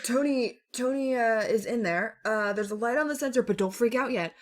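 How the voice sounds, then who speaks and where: A woman's voice: fairly high pitch, normal speed, a crowd in the background. A woman playing a tabletop game, talking in an urgent, stammering way. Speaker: player. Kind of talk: casual tabletop play.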